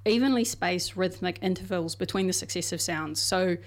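A woman's voice: fairly low pitch, normal speed. A woman co-hosting a casual science podcast, explaining research in a chatty way with everyday examples and frequent fillers.

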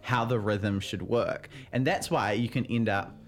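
A man's voice: fairly low pitch, fairly even intonation, a little slow. A man talking as an expert guest on a radio chat show, explaining eagerly with chuckles and fillers. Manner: enthusiastic, chuckles while explaining, many fillers.

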